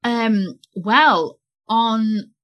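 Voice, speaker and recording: A woman's voice: on the high side, extremely slow, dull audio. A woman improv performer chatting as a podcast guest, telling stories with lots of laughter and acted-out voices. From North West England. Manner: animated storyteller, laughs often, acts out voices. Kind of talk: casual interview chat.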